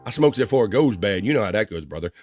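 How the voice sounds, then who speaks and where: A man's voice: on the low side, animated, racing, darkish tone, faint music behind. A man hosting a live stream show, reading the chat aloud and joking loosely as he jumps from one thing to the next. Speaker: livestream show host.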